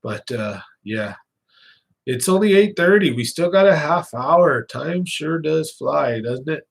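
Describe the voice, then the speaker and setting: A man's voice: on the high side, lively intonation, takes it slowly, creaky, slightly rough. Chatty congested man live-streaming. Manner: chatty, rambling, laughs often. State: slightly congested with sinus trouble. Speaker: fishing channel host. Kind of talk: casual live stream chat with viewers.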